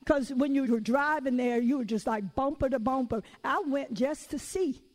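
A woman preaching a sermon, talking conversationally with lively stories and call-outs to the audience. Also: sits high, moderate pace, rough recording.

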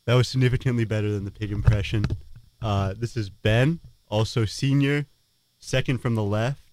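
A man's voice: lowish voice, fairly even intonation, moderate pace, a little mellow. A young man in his twenties from Oregon, a student co-host, speaking in a dry, matter-of-fact way outdoors. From Portland, Oregon. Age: 20s. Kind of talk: casual chat. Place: outdoors on a university quad.

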